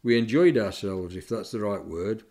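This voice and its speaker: Older man, low reflective voice. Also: animated, moderate pace. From England, Sheffield. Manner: plain-spoken, reflective, softening with grief. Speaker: war veteran recounting memories. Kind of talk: personal memoir recollection.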